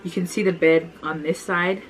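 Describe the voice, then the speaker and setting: A woman's voice: on the low side, steady tone, normal speed, a little hiss or hum, poor audio. A young woman casually telling childhood stories with her sister, chatty and full of "like" fillers. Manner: chatty, many "like" fillers, laughs often. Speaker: vlogger, older sister. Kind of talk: casual storytelling chat.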